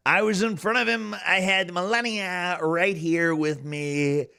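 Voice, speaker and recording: A man's voice: sits high, fairly even intonation, vocal fry, pushed and bright, smooth, voice pushed up, exaggerated voice. A man doing a brash boastful old politician. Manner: slow, drawn-out bragging delivery. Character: boastful older male politician, brash and rambling.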